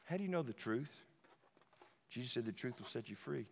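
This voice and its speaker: A man preaching a sermon as a pastor, emphatic, dropping to a hush and then rising to shouts. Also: medium pitch, lively intonation, a little fast, gravelly. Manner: emphatic, swings from hushed to shouting. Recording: long hall reverb.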